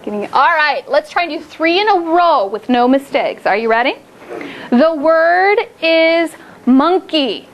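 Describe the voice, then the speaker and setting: Very high-pitched woman teacher doing a phonics drill with little kids, stretches words out slow, lots of "good job", noisy classroom behind. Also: lively intonation, highs cut off. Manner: slow, drawn-out words for children, upbeat praise. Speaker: second grade teacher.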